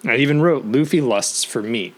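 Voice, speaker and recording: A young man co-hosting a casual podcast, animated, laughing often and acting out quotes. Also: mid-range voice, moderate pace. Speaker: podcast co-host. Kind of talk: casual chat.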